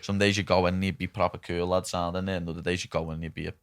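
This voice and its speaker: A young Liverpool man talks at a brisk, tumbling pace in a lowish voice. He hosts a casual podcast chat and rambles through stories, with "lad" and swearing in almost every breath. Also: little pitch movement, clear, resonant tone. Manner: rapid, rambling storytelling with constant "lad" and swearing. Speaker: podcast host.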